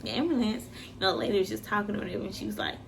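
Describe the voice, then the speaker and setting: A young woman telling a personal story in a casual, animated way, jumping high for quoted voices and dropping to a hush in tense moments. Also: racing, gravelly, noisy background. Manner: animated, acts out quoted voices with big pitch jumps.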